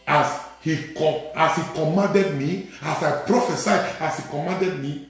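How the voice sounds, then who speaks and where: A man preaching a sermon as a priest, repeating phrases and building to sudden shouted emphasis. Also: a little high, normal speed. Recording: very echoey room with faint music.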